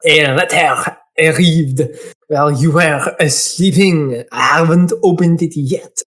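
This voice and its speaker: A man voicing a dutiful, proper bird assistant in a let's play, reading the lines in a lowered, earnest tone. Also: a little slow, fairly bright tone.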